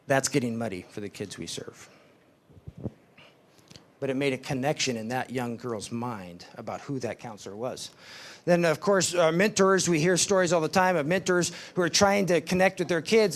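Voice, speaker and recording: Male devotional speaker, slightly high voice, storytelling who voices the people in his stories. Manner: storytelling, acts out quoted voices, slows for emphasis. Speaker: speaker at a ministry summit.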